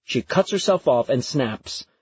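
Husky man telling a lively first-person story. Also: mid-range voice, unhurried, no room sound. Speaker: audiobook narrator. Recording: dry, slightly muffled recording.

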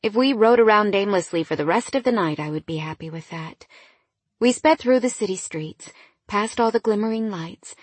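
Breathy woman narrating romance. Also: mid-range voice, expressive, normal speed, no room sound. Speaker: audiobook narrator. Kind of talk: first-person romance narration.

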